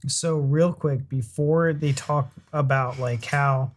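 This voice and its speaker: A man's voice: mid-range voice, fairly even intonation, takes it slowly, faint music behind. An American man hosting a reaction video, chatting casually and playfully in a loose, rambling way. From United States. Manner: playful, rambling, jokes with co-host. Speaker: reaction channel host.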